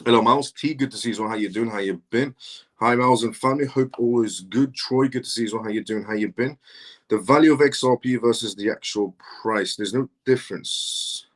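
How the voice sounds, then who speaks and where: A man's voice: mid-range voice, a little fast. A man hosting a live stream, reading out viewer comments and answering questions in a casual, repetitive conversational way.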